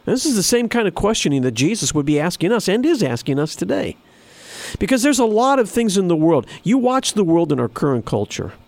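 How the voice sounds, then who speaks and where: A man's voice: sits high, very animated, fairly quick, a little mellow, no echo. A man preaching a sermon in an earnest, emphatic way, repeating phrases for stress. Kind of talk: sermon with scripture reading.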